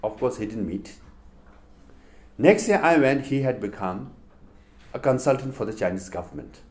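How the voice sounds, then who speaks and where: A man's voice: mid-range voice, moderate pace. A middle-aged man with a Tibetan accent, giving a public talk to a university audience and telling stories with rhetorical questions. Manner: animated storytelling with rhetorical questions. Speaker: public speaker.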